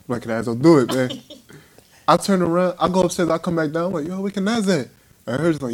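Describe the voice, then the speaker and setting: A man's voice: on the high side, quick pace, a little hiss or hum. A young man casually telling a funny story to friends, laughing often and acting out what others said. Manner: animated, laughing, acts out voices of others.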